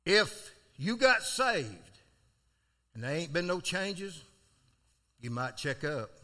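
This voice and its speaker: An older man preaching, telling a folksy story from his own life, with sudden loud outbursts. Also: on the high side, big pitch swings, slow pace. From South Florida. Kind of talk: storytelling sermon.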